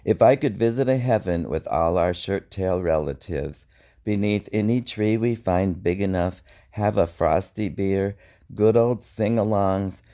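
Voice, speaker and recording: A man reading his own spoken-word poetry in a slow, wry, reflective way. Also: low voice, warm tone. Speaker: poet.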